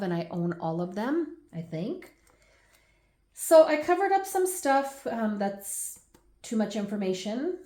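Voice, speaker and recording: Woman in her forties, scrapbooking host, casual and animated, mid pitch, echoey room. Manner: chatty, laughing, animated asides. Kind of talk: casual chatty album walkthrough.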